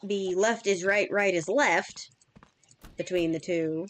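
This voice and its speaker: A woman in her thirties streams a game and chats casually, rambling with lots of fillers. Her voice is on the low side and slow.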